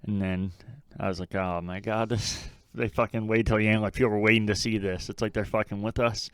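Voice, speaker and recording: Male podcast co-host, casual and frank, smooth low voice, dry studio sound. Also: level tone, fast, a bit bright, no room sound. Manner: rambling, frank, swears casually. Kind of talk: casual chat.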